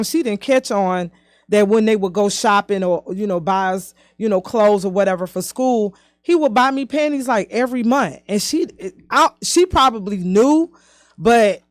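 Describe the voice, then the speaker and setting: A woman in her fifties recounts her own past as a podcast guest, her speech mid-pitched and halting, sprinkled with "you know" and "um". Her pace keeps shifting between rushed and drawn-out, and the voice sits dry and close with no room sound. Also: no echo. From southern United States. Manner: speeds up and slows down often. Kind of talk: personal storytelling in conversation.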